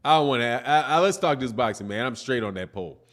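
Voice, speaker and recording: A man's voice: mid-range voice, animated, fairly quick, fairly bright tone. A man hosting a live boxing stream, chatting casually and reading out viewer comments in a loose, rambling way that keeps circling back to "man.". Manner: laid-back, rambling, peppers talk with "man".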